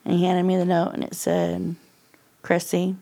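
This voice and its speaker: A woman's voice: lowish voice, completely flat delivery, a little fast, warm tone. Candid middle-aged woman telling her story. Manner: candid storyteller, laughs often, acts out quoted lines. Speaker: podcast guest. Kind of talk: personal testimony in casual interview.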